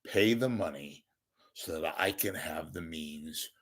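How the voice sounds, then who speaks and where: A hoarse, congested man with a crackling voice, hosting his own show in a rambling comic monologue, joking at his own expense and swinging from loud to hushed. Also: a bass voice, slow. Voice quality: gravelly, crackling. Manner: wisecracking, self-deprecating, swings from loud to hushed. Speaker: podcast host asking for donations.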